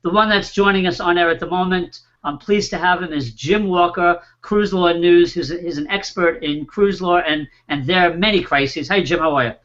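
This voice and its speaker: A man hosting an online panel show, warmly introducing his guests and filling pauses with small "uh"s. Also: sits high, highs cut off. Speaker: host.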